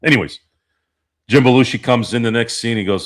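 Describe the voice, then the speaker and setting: Man, sports stream host, lowish voice, rambling, swears, laughs a lot. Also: a little fast. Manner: rambling, profane, laughs often. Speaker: podcast host. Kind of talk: casual sports chat reading live chat.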